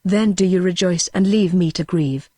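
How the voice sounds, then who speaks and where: A woman's voice: fairly low pitch, normal speed, dry recording, close to an everyday voice. A text-to-speech woman reading a bitter grieving mother. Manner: even synthetic reading, no change of voice. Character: grieving, feverish young mother, bitter and fey.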